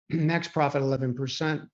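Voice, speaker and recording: Higher-voiced male trading coach on a lo-fi call. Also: steady tone, normal speed. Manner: chatty, clears throat often. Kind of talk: live online coaching call. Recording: dull lo-fi call audio.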